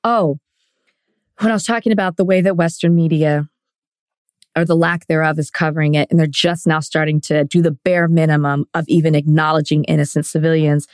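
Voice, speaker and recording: A woman's voice: deep voice, fairly even intonation, brisk, dry recording. A woman co-hosting a podcast, talking in an earnest, impassioned way and close to tears at times. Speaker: podcast co-host. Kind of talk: casual podcast discussion.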